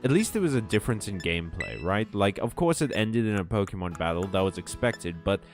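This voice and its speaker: A man's voice: lowish voice, big pitch swings, brisk, faint music behind. A man chatting casually over gameplay, rambling, correcting himself and answering his viewers as he goes. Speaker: streamer.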